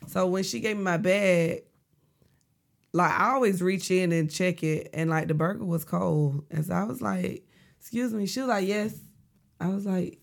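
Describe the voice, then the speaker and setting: Brief: young female co-host, fry in the voice, sassy casual storyteller. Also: on the low side, fairly even intonation, normal speed. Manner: blunt, sassy, acts out quotes. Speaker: podcast co-host.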